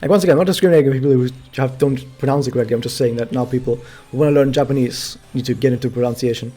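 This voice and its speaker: A German man talks his way through a game stream in a loose, rambling way, often restarting his sentences. His voice is mellow and dark, at a middling pitch. Faint music plays under him. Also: racing. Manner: chatty, rambling, self-correcting. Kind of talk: casual live-stream commentary.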